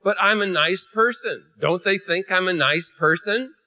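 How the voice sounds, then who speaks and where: A man's voice: high-pitched, a little slow, no echo, phone-quality sound. A man preaching with humor, telling a story and acting out the voices of its people. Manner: animated, acts out voices, shifts from hushed to loud.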